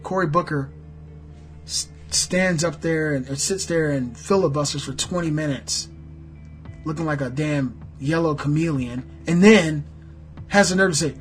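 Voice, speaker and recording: An American man in midlife delivers a furious political rant, with cursing, sarcasm and sudden jumps in loudness. His voice sits fairly high for a man, and soft music plays underneath. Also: unhurried. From United States. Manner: heated, profane, sarcastic ranting. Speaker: political commentator. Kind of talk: angry political rant vlog.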